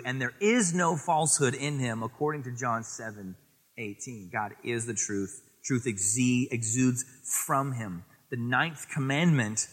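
A man preaching a sermon as pastor, lively and animated, quoting scripture and acting out little voices in his stories. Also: mid-range voice, in a large hall. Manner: animated, acts out voices in anecdotes, quotes scripture.

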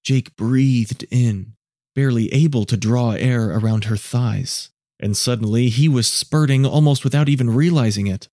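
A man narrating and producing an audio story in a measured, low-key, hushed reading. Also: dry recording, clean studio sound.

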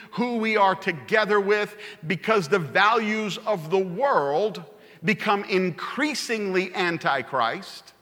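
A pastor preaching a sermon, telling stories in an animated way and repeating phrases for emphasis. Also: male voice, high-pitched. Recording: long hall reverb.

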